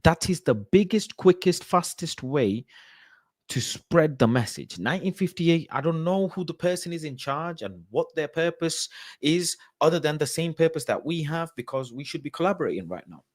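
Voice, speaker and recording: A man's voice: fairly high pitch, animated, normal speed, dry recording, studio quality. A man hosting a call-in show, chatting casually, reading out viewer comments and arguing his points emphatically with lots of repetition. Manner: emphatic, repeats points for stress.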